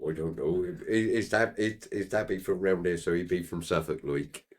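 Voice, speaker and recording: A man's voice: low-pitched, moderate pace. A man co-hosting a casual chat, rambling and piling on filler phrases. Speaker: co-host.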